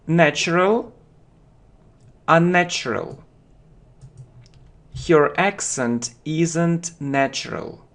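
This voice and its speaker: A man giving an English vocabulary lesson, drawing each word out very slowly and saying it twice so learners can follow. His voice sits a little high for a man. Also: fairly bright tone. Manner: slow, deliberate, repeats words for learners. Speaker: English teacher. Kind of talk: slow vocabulary lesson with drills.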